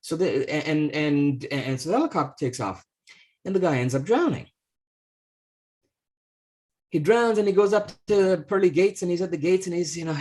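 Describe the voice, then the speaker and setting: Halting man telling a story. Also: a little high, animated, darkish tone. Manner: halting, many restarts and fillers, acts out the voices in his story. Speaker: podcast co-host. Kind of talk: casual conversational chat, telling a story.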